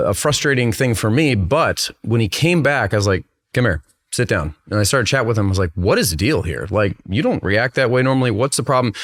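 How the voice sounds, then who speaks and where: A man hosting a podcast, telling a story about his son in a casual chat, acting out the quotes and laughing easily. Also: fairly low pitch. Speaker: podcast host.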